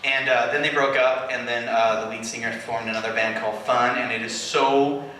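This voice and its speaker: A man from California joking with an audience in a live question-and-answer set, animated and teasing. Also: mid-range voice, normal speed. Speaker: slam poet performer. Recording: echoey venue from far off, noisy.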